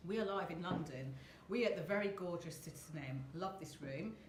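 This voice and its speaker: A woman's voice: on the low side, brisk, reverberant, slight background noise. A woman hosting a casual live video chat from a hotel room, chatty and rambling, laughing often. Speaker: host.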